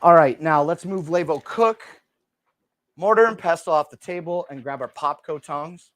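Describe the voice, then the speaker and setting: A man's voice: fairly high pitch, normal speed, a bit bright, no echo. A man hosting a casual shopping livestream, chatty and full of fillers, calling the audience dude and bro from his desk. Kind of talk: casual product showcase livestream. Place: small room at a desk. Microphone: desk microphone.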